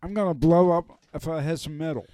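A man's voice: on the high side, a little fast, mellow, no echo. A man co-hosting a homemade radio show, jokey and stubborn in back-and-forth banter. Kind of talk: playful homemade radio chat.

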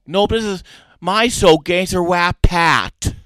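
A man's voice: high voice, slow, fairly bright tone, clear, resonant tone, no echo. A man hosting a playful homemade radio show, with goofy, repetitive banter.

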